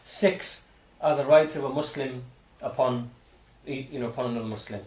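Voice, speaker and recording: A man giving an explanatory lecture on hadith as a religious teacher, talking in a halting way with frequent restarts and repeated words. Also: medium pitch, a little mellow. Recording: roomy echo.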